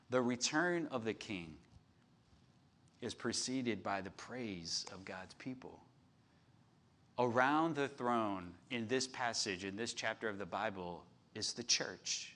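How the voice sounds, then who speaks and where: Guy preaching outdoors, gets loud on the scripture then goes soft and personal, mid-pitched voice. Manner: animated, swings from loud reading to soft confiding. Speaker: pastor. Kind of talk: sermon. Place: outdoor patio church service.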